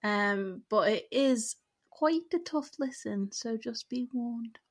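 Relaxed northern English woman podcaster. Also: on the high side, takes it slowly. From northern England. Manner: relaxed, laughs easily, recaps cases. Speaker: podcast co-host. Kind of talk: casual true crime podcast chat.

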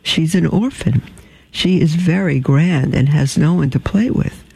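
A patient, kindly nun from a storybook , put on by a man reading aloud, her voice raised well above his own. It keeps a mellow, gravelly grain and a gentle, firm manner. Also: a little high, measured pace, no room sound, pitched above the performer's own voice, exaggerated voice.

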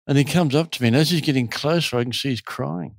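A man running a retreat, telling stories casually in an interview with a lively, animated delivery. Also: mid-range voice, fast talker, gravelly, dry recording, clean studio sound.

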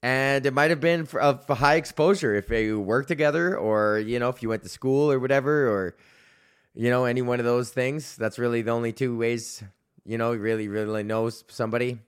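A man's voice: mid-range voice, fairly even intonation, brisk, smooth. A man hosting his own podcast, ranting solo in a profane, rambling way that keeps interrupting itself. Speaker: podcast host. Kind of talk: solo comedic rant.

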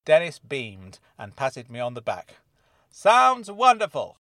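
A man narrating a first-person mystery story as scripted audiobook narration, in a hushed, understated way. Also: medium pitch, lively intonation, a little slow, no echo.

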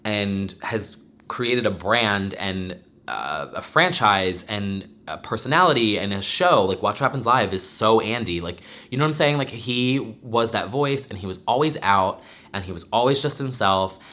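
Young man vlogger, teary and rambling, bright pushy tone, lowish voice. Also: animated, normal speed. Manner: rambling, swearing, with many restarts and fillers. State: teary, emotional. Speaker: podcaster and vlogger. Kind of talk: emotional casual talk to camera.

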